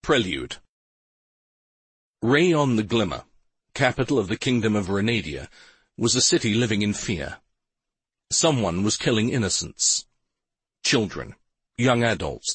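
Low, husky male audiobook narrator. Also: no room sound. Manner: expressive, dramatic storytelling. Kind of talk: scripted narration. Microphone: close studio mic.

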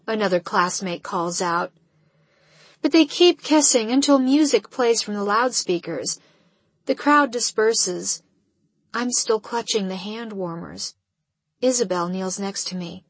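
A woman reading a first-person audiobook in a measured storytelling way. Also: mid-range voice, breathy edge, no echo. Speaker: audiobook narrator.

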